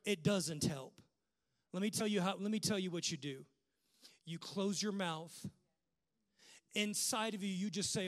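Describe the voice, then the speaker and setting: A male pastor delivers a sermon in a notably high voice. He builds his points through rhythmic, repeated phrases that carry impassioned force. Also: measured pace, long pauses, a bit bright.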